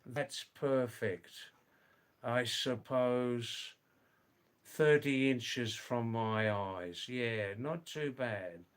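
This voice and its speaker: A middle-aged man hosting a livestream, reading viewer comments aloud and slowly, gently correcting their English. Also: mid-range voice, smooth. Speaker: livestream host.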